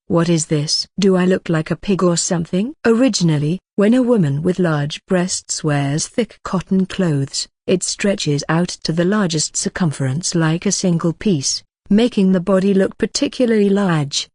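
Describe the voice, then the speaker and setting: Even, matter-of-fact audiobook narrator. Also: mid-range voice, normal speed, hardly any pauses, no echo, clean studio sound. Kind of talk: scripted narration.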